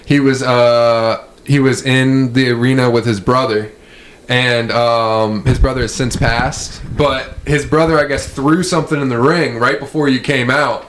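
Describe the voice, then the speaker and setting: A man's voice: medium pitch, steady tone, measured pace, fairly bright tone, slight background noise. Casual man rambling through a story. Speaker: podcast co-host. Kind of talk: telling an anecdote.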